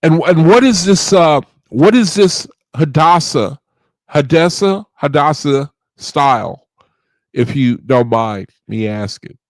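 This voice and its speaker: A man hosts a study group livestream from his computer, slow and unhurried, his fairly high voice swinging up and down. He chats with viewers, repeating his questions. The sound is dry and close. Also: expressive, no echo. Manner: repeats phrases, asks the chat questions. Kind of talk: casual livestream talk with chat.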